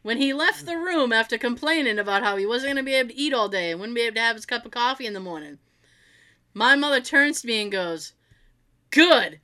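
A woman co-hosting a casual chat, telling family stories in an animated way, swearing freely and acting out what relatives said. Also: fairly high pitch, fast talker.

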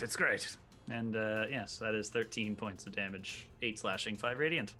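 A man's voice: on the low side, moderate pace, sharp tone, soft background music. A man playing a tabletop game, chatting casually with wry, cheerful banter. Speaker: player.

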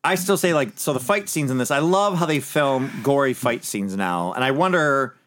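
A man in casual chat, measured and analytical, steering the talk about a film. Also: medium pitch, expressive, a bit bright.

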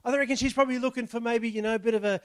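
A man's voice: very high voice, steady tone, racing, smooth, dry recording. A man, a pastor giving a conversational sermon, explaining the text and asking his listeners questions. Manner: chatty, explains the text and asks the congregation rhetorical questions.

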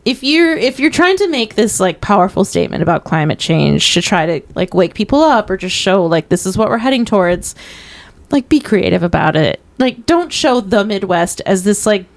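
A woman's voice: mid-range voice, normal speed. A woman co-hosting a film review podcast in casual chat, talking in a chatty way with many "like"s. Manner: chatty, leans heavily on "like", lively retellings. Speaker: podcast co-host.

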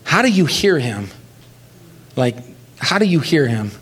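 A young man, a pastor, preaching a lively sermon with jokes and calls for the congregation to join in. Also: a little high, a little slow, slightly rough. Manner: lively, joking, talks with the congregation.

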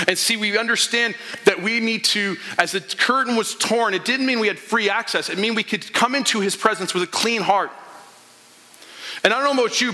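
A man's voice: sits high, bright, forceful tone. A man preaching a sermon as a pastor, retelling a parable and acting out the characters' lines. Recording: long hall reverb.

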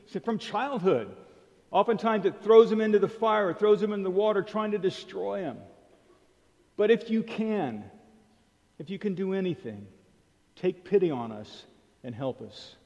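A man preaching a sermon with an animated delivery, slipping into the voices of the people he quotes. His voice sits fairly high for a man. The recording sounds dull and carries a long hall reverb. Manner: animated, acts out quoted voices, some repeated words.

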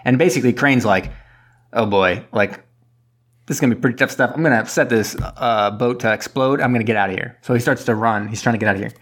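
A man casually retelling a movie plot on a podcast, rambling and dropping into quick character impressions. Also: medium pitch, a bit bright. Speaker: podcast co-host. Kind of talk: casual movie recap chat.

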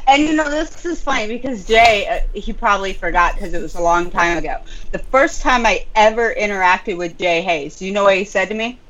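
A woman's voice: mid-range voice, fairly quick, hardly any pauses, fairly bright tone, poor audio. A woman in a casual chat over a remote call, teasing and matter-of-fact.

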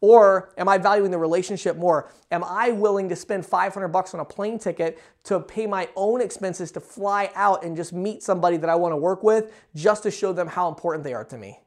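A man's voice: sits high, fairly quick, few pauses. A man hosting a podcast and giving business advice in a casual monologue. He talks bluntly and persuasively, with frequent fillers, and mocks listeners' excuses in quoted asides.

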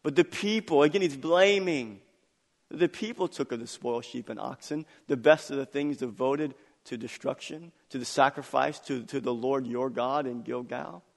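A middle-aged man preaching a sermon as pastor, animated and acting out the voices of the people in his story. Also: medium pitch, moderate pace, gravelly, big-room sound.

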